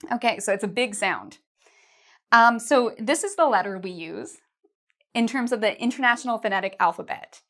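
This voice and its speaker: A woman's voice: on the high side, a bit bright. A woman teaching an English pronunciation lesson to camera, patiently modelling vowel sounds and words for learners to repeat. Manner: patient, slow, models sounds with exaggerated mouth shapes.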